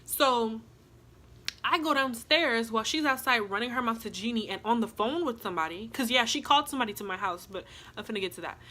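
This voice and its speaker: A young woman vlogger telling a long story in a casual, animated way and acting out what other people said. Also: on the high side.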